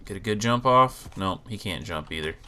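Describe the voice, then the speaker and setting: A man hosting a gaming channel, talking through gameplay in a relaxed, rambling way, with a low morning voice. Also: moderate pace, crowd noise. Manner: relaxed, rambling, thinks aloud. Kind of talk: casual gameplay commentary.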